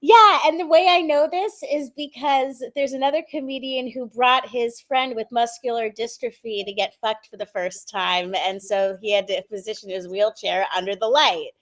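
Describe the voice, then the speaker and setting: A woman's voice: a little high, fairly even intonation, normal speed, hardly any pauses, a bit bright. Chatty woman on a livestream. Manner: chatty, restarts often, laughs easily. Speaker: co-host of online radio stream. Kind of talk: casual livestream chat.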